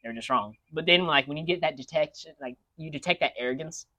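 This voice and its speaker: A man's voice: fairly high pitch, fast talker, bright, forceful tone. A man ranting in casual chat with friends, rambling with many restarts and fillers. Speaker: podcast co-host. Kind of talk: casual rant among friends.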